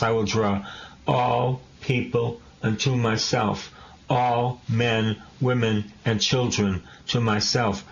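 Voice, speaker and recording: Slow-preaching man, dull lo-fi sound. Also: medium pitch, a little hiss or hum. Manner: repetitive, impassioned exhortation with rhetorical questions. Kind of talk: sermon. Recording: dull lo-fi recording.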